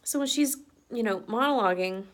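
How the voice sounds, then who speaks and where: A woman's voice: a little high, normal speed. A woman giving an earnest, emotional and chatty reaction vlog, laughing often as she talks. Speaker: movie reaction vlogger.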